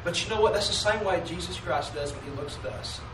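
A high-pitched male pastor delivers a homey sermon, pausing often to draw "Amen" from the congregation. His voice echoes around a church sanctuary, heard from a little way off the mic. A faint room hum runs underneath. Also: distant mic. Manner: preaching call-and-response, asking "Amen?"; drawls mock King James commandments slowly.

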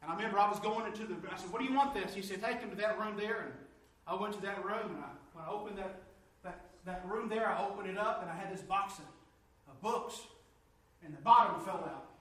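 A man preaching a sermon, telling stories with lively energy that climbs high and loud when excited. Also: fairly quick, recorded from a distance. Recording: echoey room, from off mic.

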